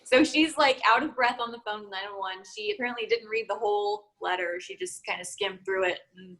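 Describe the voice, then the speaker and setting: A woman's voice: mid-range voice, fairly quick, a bit bright, low-quality recording. A young woman co-hosting a true-crime podcast, chatting casually, laughing often and trailing off mid-thought. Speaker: podcast co-host.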